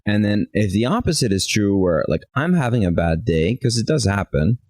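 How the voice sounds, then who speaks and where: A man's voice: on the low side, sing-song, normal speed, darkish tone, no echo, poor audio. A man co-hosting a relationship talk show, telling stories animatedly and acting out bits of quoted dialogue. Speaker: podcast co-host. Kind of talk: casual chat.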